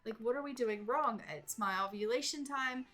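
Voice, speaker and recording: A woman's voice: a little high, moderate pace, fairly bright tone, slight background noise, natural voice. A woman voicing a young wife who is anxious and exasperated that she can't get pregnant, asking question after question. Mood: frustrated, worried.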